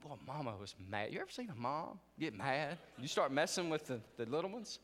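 A middle-aged male preacher delivers a chapel sermon with a fairly high, wildly swinging voice. He tells stories animatedly, tripping over restarts as he goes. The hall adds a long, ringing reverb. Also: fairly quick. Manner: animated storytelling with stumbling restarts. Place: seminary chapel.

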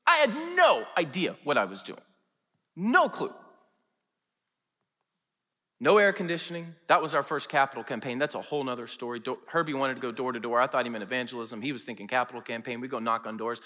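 A male pastor preaching a sermon in a chapel, telling funny stories with lively, animated delivery. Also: medium pitch, brisk, big-room sound. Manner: animated, humorous storytelling. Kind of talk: sermon with storytelling. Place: large chapel.

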